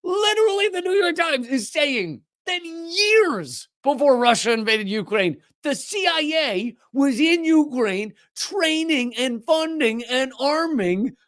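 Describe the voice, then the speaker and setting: A man's voice: a bit bright, no room sound, studio quality. A man hosting a political commentary show, talking in a sarcastic, mocking way and reading out news with running asides. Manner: mocking, mimics opponents in whiny high voices.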